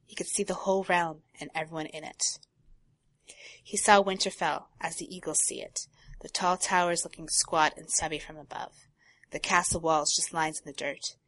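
Woman reading aloud in a low voice. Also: fairly even intonation, moderate pace. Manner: reads prose steadily, drops to quiet asides. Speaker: podcast co-host. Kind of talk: casual chat and reading aloud from a novel.

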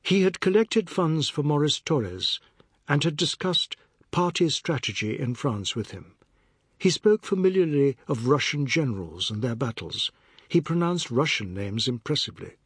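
A man reading a novel aloud as an audiobook narrator, in a measured literary manner. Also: on the high side, expressive, slightly rough, dry recording, clean studio sound. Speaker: audiobook reader. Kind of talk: scripted narration.

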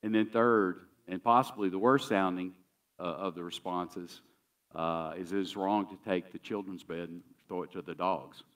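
A man's voice: deep voice, steady tone, moderate pace, fairly bright tone, far from the mic. A man pastor preaching a sermon in a conversational, emphatic way, often repeating key phrases.

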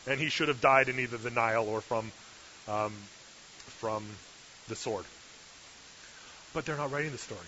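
A man's voice: mid-range voice, moderate pace, long pauses. A male preacher giving a sermon with humorous, sarcastic asides, in a dull lo-fi recording with hiss.

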